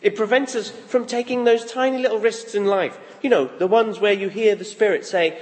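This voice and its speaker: A man preaching a sermon in a lively, conversational way, acting out quoted thoughts as he goes. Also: sits high, moderate pace, hardly any pauses. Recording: long reverb of a large hall.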